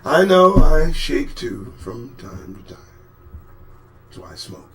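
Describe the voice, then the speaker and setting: Slow and sing-song, the host of a live commentary show talks with sarcasm and profanity. His volume lurches from quiet muttering to abrupt shouting.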